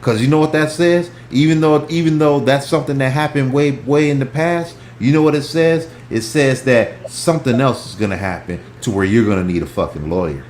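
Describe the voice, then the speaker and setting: A man hosting a heated casual stock chat, profane and worked up, swinging between loud outbursts and hushed asides. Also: medium pitch, brisk, few pauses, slight background noise. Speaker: stock talk show host. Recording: echoey room.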